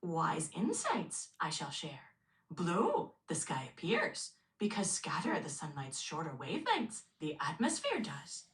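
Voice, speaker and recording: A synthetic woman's voice playing a wise old creature sage, speaking slowly with inverted word order. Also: deep voice, wildly swooping pitch, a bit bright, full character voice.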